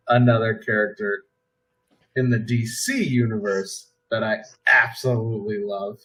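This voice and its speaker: A man's voice: fairly low pitch, a little slow, pushed and bright, poor audio. A man hosting a podcast, chatting casually in an easygoing way. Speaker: podcast host. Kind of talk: casual chat.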